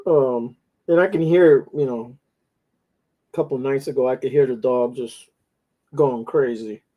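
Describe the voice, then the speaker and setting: Male host, mid pitch, loose rambling anecdotes with casual cursing. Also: unhurried, highs cut off. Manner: rambling, profane storytelling. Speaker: podcast host. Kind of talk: casual chat.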